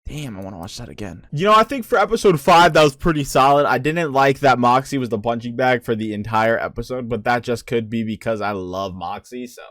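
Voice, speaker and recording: A young man hosting a reaction video, talking casually in an excitable, profane, rambling way. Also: medium pitch, fairly quick, hardly any pauses, dry recording, studio quality.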